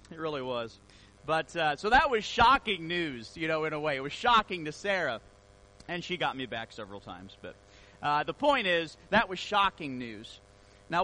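A man preaching a sermon, telling a personal story in a relaxed, conversational way before reading scripture aloud. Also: fairly high pitch, low-quality recording. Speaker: pastor.

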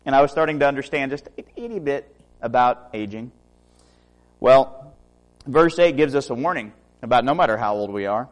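A man's voice: medium pitch, normal speed. A man in his early thirties, a preacher, delivering a sermon full of self-mocking stories and humor. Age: 30s.

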